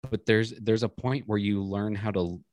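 A man's voice: lowish voice, steady tone, normal speed, a little mellow, dry recording. A man co-hosting a podcast, telling stories in casual chat with many restarts. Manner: rambling storyteller, many restarts. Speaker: podcast co-host.

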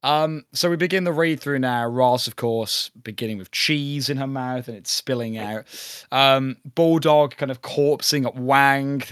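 A man in casual podcast chat, lively and quick, tossing in asides and quoted lines. His voice sits at a middle pitch, recorded close with a dry sound and no room around it. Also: clear, resonant tone, dry recording. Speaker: podcast co-host. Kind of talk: casual chat about a sitcom episode.

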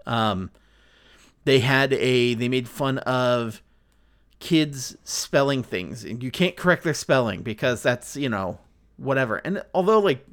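A male podcast host chats casually about a film. His pitch swings around lively as he goes, and he meanders through his points with plenty of likes and ums. The talk is loose and unscripted. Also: a little slow. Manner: meandering, full of likes and ums, acts out quotes. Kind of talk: casual chat reviewing a movie.

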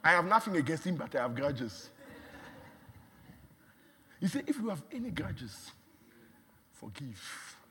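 A man preaching a sermon, emphatic and repetitive, dropping to a hush and then rising to shouts. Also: a little high, big pitch swings, measured pace, long pauses, big-room sound, slight background noise. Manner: emphatic, repeats words, swings from hushed to shouting.

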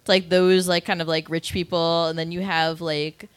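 A woman's voice: fairly low pitch, flat delivery, moderate pace, smooth, no echo. A woman from Connecticut, a guest on a live show, chatting casually and self-mockingly with lots of filler words. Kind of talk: casual chat.

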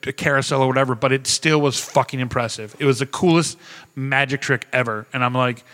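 A man with a bright, forceful voice tells stories in a casual chat. He swears freely and acts out other people's lines with animated energy. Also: mid-range voice, fairly quick. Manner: profane, animated storytelling. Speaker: podcast co-host.

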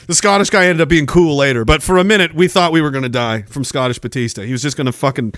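A Canadian man in his forties, a podcast host telling wild stories in a profane, animated way, laughing often. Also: a little high, fast, hardly any pauses, no room sound, clean studio sound. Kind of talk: casual storytelling.

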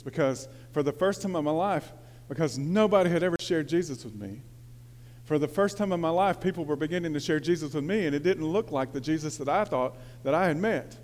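Pastor in his 40s, high voice, sermon in a reverberant church hall; storytelling, shifts between hushed and fired-up. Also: normal speed, pauses often. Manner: storytelling, swings from quiet confiding to loud excited preaching.

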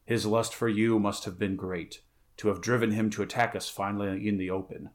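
A man's voice: on the low side, fairly even intonation, fairly quick, natural voice. A man voicing a weary, blunt barbarian warrior in a read-aloud story, grunting his lines. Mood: gruff.

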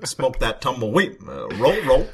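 A man's voice: mid-range voice, wildly swooping pitch, normal speed, a little hiss or hum. A man putting on the voice of a laid-back male president, delivering rhymes about rolling joints in a sing-song way with filler "uh"s. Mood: mellow, goofy.

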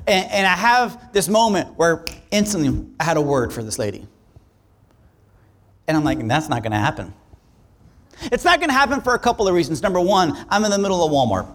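A male pastor telling a story in a sermon, conversational and animated, acting out the dialogue. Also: high-pitched.

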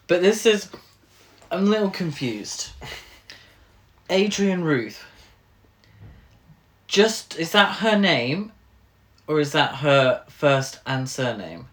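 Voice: mid-range voice, sing-song, slow, long pauses, a bit bright. A podcast co-host chatting casually about a film, hesitant and full of restarts. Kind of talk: casual film recap chat.

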